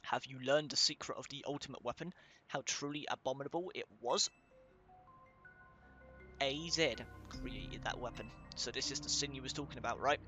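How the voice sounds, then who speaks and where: A man's voice: medium pitch, moderate pace, sharp tone, soft background music. A young man giving casual commentary while reading game text aloud, swearing now and then and stumbling over hard names. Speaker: let's play gamer.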